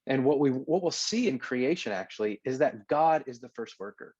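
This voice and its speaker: A man's voice: mid-range voice, lively intonation, normal speed, a little mellow, no room sound, muffled recording. A man teaching a recorded lesson in a conversational way, often checking in with "okay?". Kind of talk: recorded lecture.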